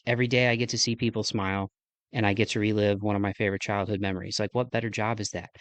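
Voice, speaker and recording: A Midwestern man wraps up his podcast in a loose, rambling, enthusiastic solo chat, poking fun at himself as he goes. His voice sits fairly low. The recording is dry and close. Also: flat delivery, fast, fairly bright tone, no echo. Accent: Midwestern American. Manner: rambling, enthusiastic, self-deprecating. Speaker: podcast host. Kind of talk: casual solo podcast outro.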